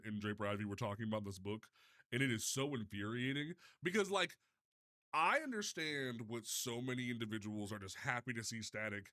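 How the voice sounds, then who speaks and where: Young guy streaming live, bright sharp voice, flustered, swears a lot, trips over his words. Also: mid-range voice. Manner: flustered, swearing, restarts often. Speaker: livestreamer. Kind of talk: casual live stream chat.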